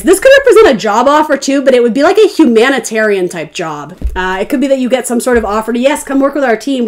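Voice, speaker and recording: A woman's voice: a little high, noisy background. Chatty, bubbly woman tarot reader. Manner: chatty, rambling, laughs often. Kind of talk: casual tarot reading.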